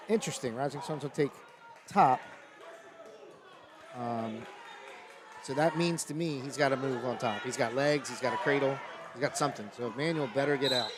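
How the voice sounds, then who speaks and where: A man giving live color commentary on a high school wrestling match, explaining tactics in a conversational way and getting excited at big moves. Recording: loud gym crowd and noise behind. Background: cheering crowd in a gym.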